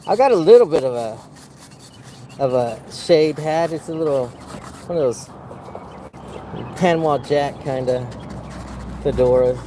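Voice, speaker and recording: A man's voice: fairly high pitch, lively intonation, unhurried, long pauses, dark tone, a little hiss or hum. A man, painting outdoors and chatting casually to viewers in a playful, rambling, wry way. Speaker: plein air painter. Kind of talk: casual narration while painting. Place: outdoors in a wildflower field.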